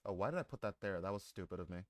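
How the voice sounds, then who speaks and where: A man's voice: sits low, animated, rapid-fire, no echo, clean studio sound. A man live-streaming who chats casually with his viewers, joking, swearing and laughing often.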